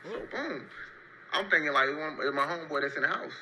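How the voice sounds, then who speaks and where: A young man spins a casual story-time tale, rambling loosely through street slang and punctuating each beat with a quick "so boom." His voice is strikingly bright and forward, with a faint hiss of noise behind it. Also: low-quality recording. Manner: slang-heavy, loose rambling narration with repeated "so boom" beats. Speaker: storyteller in a played clip.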